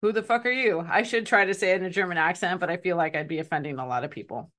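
A woman's voice: fairly low pitch, racing, a bit bright. A woman telling a story in a casual podcast chat. She laughs often and fills her talk with "like". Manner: chatty, laughs often, many "like" fillers.

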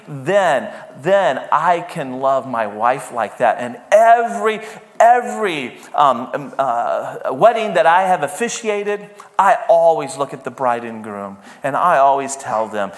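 High-voiced male pastor in reverberant hall. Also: fairly bright tone. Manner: conversational, emphatic, often checks in with "right?". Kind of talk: sermon.

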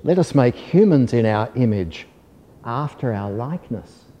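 A man reading aloud gives a calm, kindly storybook God, slow and solemn, with a mellow, low-lit tone. The words ring out into a long hall reverb. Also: muffled recording.

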